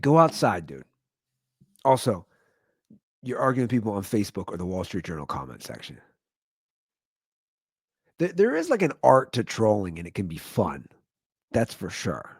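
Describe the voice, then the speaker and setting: A man in his thirties hosting his own comedy podcast, rambling through a monologue and jumping into high, incredulous exclamations. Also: huge pitch swings, normal speed, pauses often, husky, no room sound, studio quality.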